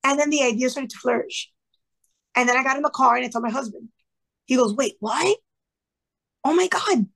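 Woman guest, fairly high voice, animated storyteller who plays out conversations and slips in bits of Spanish. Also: fast talker, vocal fry, pauses often. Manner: lively, acts out dialogue in her stories; sprinkles in Spanish phrases. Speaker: podcast guest, retired teacher. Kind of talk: casual storytelling interview.

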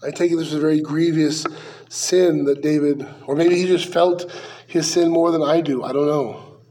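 A man's voice: on the high side, fairly even intonation, moderate pace, mellow, a little hiss or hum. A man, likely a pastor, preaching a verse-by-verse sermon in a conversational way, with rhetorical questions and dry asides.

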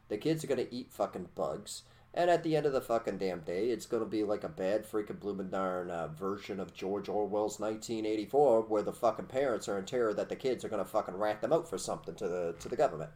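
A man's voice: lowish voice, animated, brisk, few pauses, a little mellow. A man co-hosting a talk show, ranting crudely about politics and heavy with profanity. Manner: profane, ranting, mocking quoted voices. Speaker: podcast co-host.

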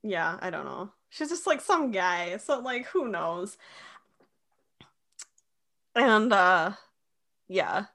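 Woman podcast co-host; bright, casual, giggly. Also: mid-range voice, sing-song, takes it slowly, creaky, pauses often. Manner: chatty, many "like" fillers, giggly. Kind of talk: casual chat recapping a show.

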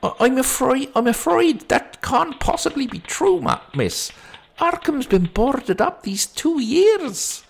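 A man's voice: sits high, huge pitch swings, unhurried, gravelly, slight background noise, pitched above the performer's own voice, exaggerated voice. A man voicing a suspicious, patronizing British police desk sergeant whose accent wanders toward Scottish. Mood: indignant. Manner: pompous, patronizing, stammering.

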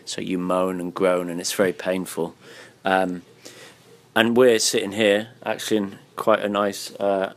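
Tired male host, low-pitched, laid-back and blunt. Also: flat delivery, a little slow. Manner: blunt, swears freely, laughs often. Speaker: podcast host. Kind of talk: casual interview chat. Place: hotel room.

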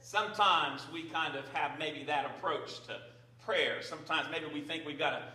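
Male pastor, slightly high voice, casual sermon delivery, echoey room. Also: moderate pace, pushed and bright. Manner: prayerful, conversational with fillers. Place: church sanctuary. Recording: roomy, distant from the mic.

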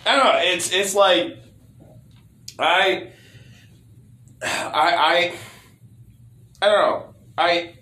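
A man's voice: sits high, drawn-out words, long pauses, bright, forceful tone. Rambling, swearing man in an echoey room. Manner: rambling, stammering restarts, frequent swearing. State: hoarse, losing his voice. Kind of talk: casual chat. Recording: roomy echo.

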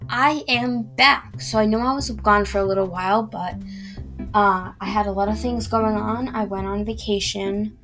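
A young woman reads her own fantasy story aloud on her podcast, steady and casual. Her voice has a noticeable gravelly fry, sitting at an ordinary middle pitch. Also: moderate pace, soft background music.

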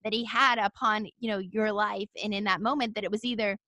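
A woman's voice: mid-range voice, steady tone, brisk, bright, forceful tone, no room sound. A woman pastor hosting a podcast, affirming and encouraging her guest. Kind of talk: podcast interview.

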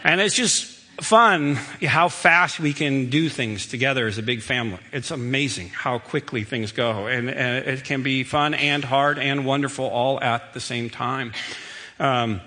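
Middle-aged male preacher, bright tone, storytelling sermon with hall reverb. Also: medium pitch, a little slow. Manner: conversational, storytelling, emphatic. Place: church sanctuary. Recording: long reverb of a church hall.

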